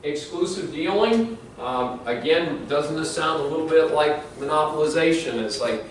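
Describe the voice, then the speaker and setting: A man's voice: medium pitch, normal speed, hardly any pauses, recorded from a distance. A middle-aged male law professor giving a conversational classroom lecture full of anecdotes, fillers and restarts. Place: large classroom. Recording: echoey classroom recorded from afar, faint hiss.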